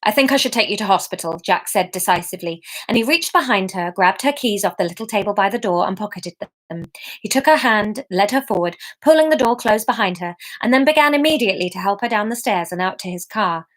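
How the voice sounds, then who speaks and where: A woman's voice: medium pitch, expressive, brisk, fairly bright tone. Woman reading her own book out, chatty, jokes at her own expense. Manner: self-mocking, chatty, laughs at herself. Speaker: author reading her own story to a live audience. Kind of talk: casual storytelling with chatty asides.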